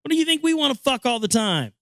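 Profane, excitable man with a lively voice. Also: very high voice, fast talker, no room sound, studio quality. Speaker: podcast host. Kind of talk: reading aloud and ranting commentary.

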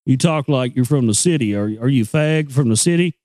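A man voicing a rude, slow-witted backwoods hillbilly man with a dim, drawling delivery. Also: mid-range voice, lively intonation, mellow, dry recording, studio quality, voice pushed down, lightly acted. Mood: mocking.

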